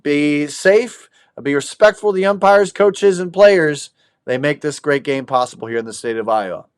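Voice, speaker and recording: Friendly male sports host, fairly high voice, upbeat sign-off delivery. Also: moderate pace, clean tone, no room sound, studio quality. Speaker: host of a high school baseball show. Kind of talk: podcast sign-off.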